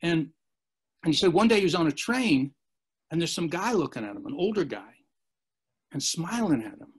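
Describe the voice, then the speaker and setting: A man's voice: on the high side, very animated, a little fast, pauses often, husky. A man as an interview guest, telling long rambling anecdotes and acting out the quotes. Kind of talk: storytelling in a podcast interview.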